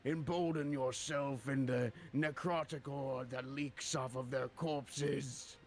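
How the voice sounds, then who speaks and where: A man voicing a great male death giant who slowly and grandly urges his undead minions on in a tabletop game. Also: mid-range voice, fairly even intonation, pitched above the performer's own voice. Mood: commanding. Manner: slow, drawn-out, grand declaiming.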